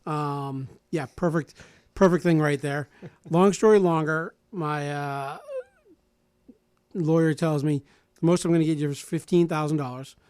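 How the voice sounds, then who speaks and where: A man in his forties telling a personal story in casual radio talk, animated and acting out other people's lines, often restarting and repeating words. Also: fairly high pitch, measured pace, long pauses, clear, resonant tone, no echo. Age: 40s.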